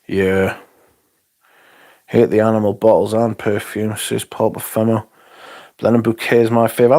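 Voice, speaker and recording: A man's voice: mid-range voice, creaky, darkish tone. A man from England, chatting casually on a livestream, reading out comments with blunt, sweary, dry humour. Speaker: livestream host reviewing fragrances.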